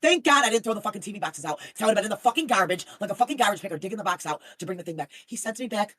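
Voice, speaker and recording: Foul-mouthed woman on stream, quick and bouncy, bright voice, jokey. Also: mid-range voice, expressive, no echo. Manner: profane, joking, mock-sweet asides. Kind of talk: casual stream chat.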